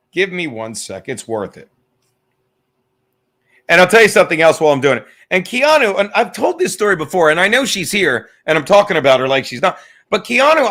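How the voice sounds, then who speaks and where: A high-pitched man with a bright, tense edge, chatting casually on a livestream. He rambles and jokes through an anecdote, swearing often, and his voice swings widely in pitch. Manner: rambling, profane, joking storyteller. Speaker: podcast host.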